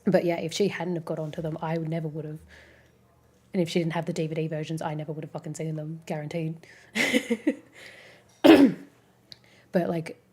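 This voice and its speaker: A woman in her twenties with a Melbourne Australian accent, chatting casually on a stream and reading out viewer comments in a relaxed, rambling way, swearing freely and filling her talk with "like". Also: low-pitched, moderate pace, long pauses, slightly rough.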